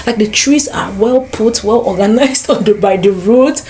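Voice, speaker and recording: A young woman with a Cameroonian accent, telling stories to camera in a casual sit-down vlog, lively and full of exclamations. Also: mid-range voice, normal speed, a little hiss or hum. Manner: animated, exclamations and playful asides. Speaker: vlogger. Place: sit-down room at home. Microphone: camera mic.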